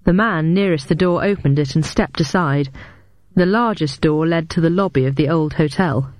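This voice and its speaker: An audiobook narrator reading a novel in a measured, even way. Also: mid-range voice, no room sound.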